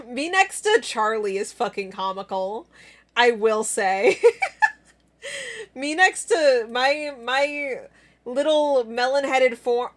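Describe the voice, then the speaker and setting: A woman's voice: high-pitched, lively intonation, slow pace, a bit bright. A young woman live-streaming in casual chat, giggly and playful, bursting into squeals and laughter.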